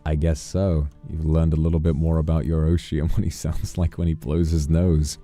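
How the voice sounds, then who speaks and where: A man's voice: a bass voice, flat delivery, normal speed, dark tone, faint music behind. A male streamer chatting casually and playfully, bursting into mock-outraged rants and snatches of song. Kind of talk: casual live-stream chat.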